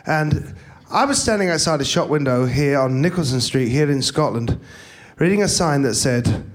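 Brief: male comic, high swooping voice, slow, stammering and rambling, hungover. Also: expressive. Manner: rambling, stammering, scattered starts. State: hungover, worn voice. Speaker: stand-up comedian. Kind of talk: stand-up comedy set. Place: comedy venue stage.

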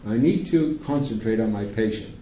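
A man voicing a calm, authoritative family doctor who speaks in a firm, reassuring way. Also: lowish voice, moderate pace, roomy sound, lo-fi sound, natural voice.

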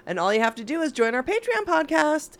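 A woman's voice: sits high, big pitch swings. Reflective woman podcast co-host. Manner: reflective, encouraging, quick supportive replies. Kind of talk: casual chat.

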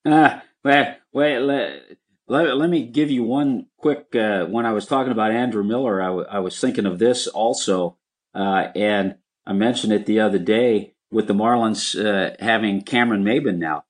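An older man, slightly hoarse, reminiscing in a rambling way as a guest in a casual interview. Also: lowish voice, normal speed.

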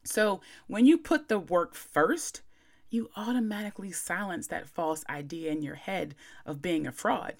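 A woman's voice: animated, measured pace, vocal fry. A young adult woman hosting a self-help podcast, talking candidly and playfully in casual slang.

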